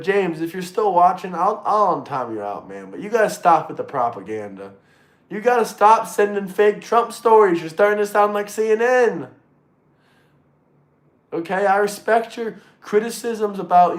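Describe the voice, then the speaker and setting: Streamer dude chatting w his viewers, fired up, cusses a lot, pretty high voice, echoey room. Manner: excitable, swears freely, repeats himself. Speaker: livestream host reading chat. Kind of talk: casual livestream chat. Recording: roomy echo.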